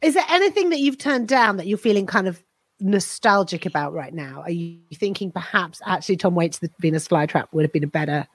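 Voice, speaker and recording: A woman's voice: fairly low pitch, lively intonation, fairly quick, husky, no room sound. A woman co-hosting a podcast, asking a guest a rambling question. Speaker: podcast co-host. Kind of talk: casual podcast chat.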